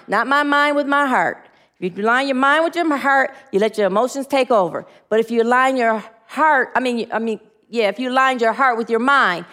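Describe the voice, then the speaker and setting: A woman's voice: fairly high pitch, fairly bright tone. A woman minister giving a spiritual sermon, earnest and leading the group in spoken affirmations.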